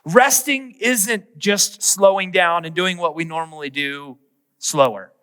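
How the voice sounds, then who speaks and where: Animated pastor in a reverberant hall. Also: male voice, sits high, unhurried, smooth. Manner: humorous, animated, acts out little scenes. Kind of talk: sermon.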